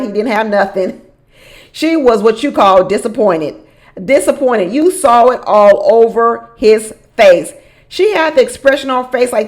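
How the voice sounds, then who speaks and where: A woman with a fairly high voice recaps a reality show in a loose, casual way. She says her favourite lines twice for emphasis and breaks into laughter often. She talks straight to the people on the show as if they could hear her. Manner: animated, repeats phrases for emphasis, laughs often. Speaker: reality show commentator and relationship coach.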